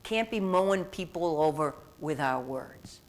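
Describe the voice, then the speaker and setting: A woman's voice: sits low, expressive, unhurried. A woman diversity speaker giving a conversational lecture, often quizzing her audience.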